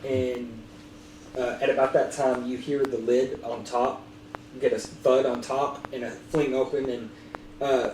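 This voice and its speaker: A man narrating as dungeon master with a relaxed, hesitant delivery full of ums. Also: mid-range voice, a little slow. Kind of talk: narrating a tabletop game. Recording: echoey room, distant mic, noisy.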